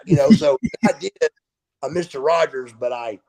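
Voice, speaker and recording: A man in his fifties, a guest on a video call, telling stories in a casual, animated way and swearing freely. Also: a little high, normal speed. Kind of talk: casual storytelling interview.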